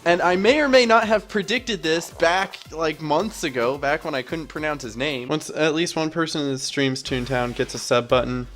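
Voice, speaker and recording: A man's voice: fairly high pitch, moderate pace, hardly any pauses. A young man chatting casually over his gameplay as a YouTuber, rambling and joking at his own expense. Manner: rambling, self-mocking, chatty. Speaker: gaming YouTuber. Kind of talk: casual let's-play commentary. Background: soft background music.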